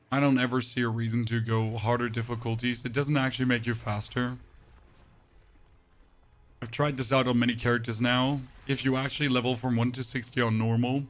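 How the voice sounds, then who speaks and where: Brief: male game streamer, flat monotone chat, medium pitch, casual. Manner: monotone, dry delivery. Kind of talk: casual live-stream chat while gaming.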